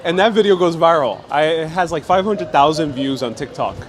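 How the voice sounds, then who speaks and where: An American travel vlogger with a fairly high voice hosts a live walking vlog on a city street, talking a little fast as he reads viewer comments aloud. He films on a handheld phone, and the street around him is noisy.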